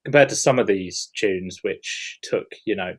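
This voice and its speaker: Brief: male producer, casual interviewer, low register, stop-start delivery. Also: unhurried. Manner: hesitant, many fillers and restarts.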